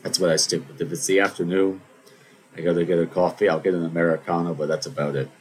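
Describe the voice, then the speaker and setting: A man's voice: sits low, little pitch movement, fast talker, a little hiss or hum, low-quality recording. A man hosting a podcast, telling a story in a casual, digressive monologue with wry asides. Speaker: podcast host.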